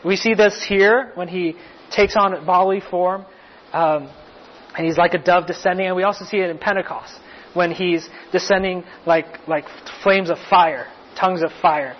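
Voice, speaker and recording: A man's voice: high-pitched, steady tone, moderate pace, slight background noise. A man preaching a sermon as pastor, explaining a passage in a conversational way with restarts and light asides. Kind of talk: sermon teaching. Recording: muffled lo-fi recording.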